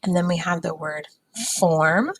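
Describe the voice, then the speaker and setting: A woman teacher giving a recorded phonics lesson to young students, patient and sounding words out slowly. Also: fairly low pitch, fairly even intonation, low-quality recording.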